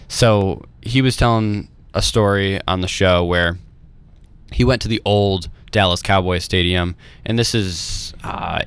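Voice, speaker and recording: A man co-hosting a podcast in casual chat, telling animated stories packed with "like" and acting out the people he quotes. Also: fairly low pitch, smooth. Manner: animated storyteller who acts out quoted voices; filler-heavy, uses "like" constantly. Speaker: podcast co-host.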